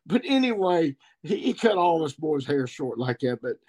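A man's voice: fairly high pitch, sing-song, normal speed, a little mellow. A man in his sixties from Missouri with an Ozarks accent, a podcast guest telling stories about turkey hunting in a rambling, folksy country way. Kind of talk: podcast storytelling.

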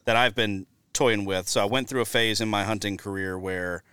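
Smooth-voiced man hosting a podcast. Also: lowish voice, normal speed, no room sound. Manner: chatty storyteller, lively asides. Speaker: podcast host. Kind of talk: casual podcast interview.

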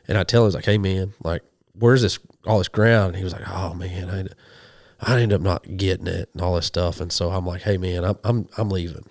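A man, a podcast guest telling a hunting story in a casual, animated way and acting out the people he quotes. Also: deep voice, fast, no room sound, clean studio sound. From western Oklahoma. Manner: animated, acts out quoted voices. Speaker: guest, hunting show host and minister.

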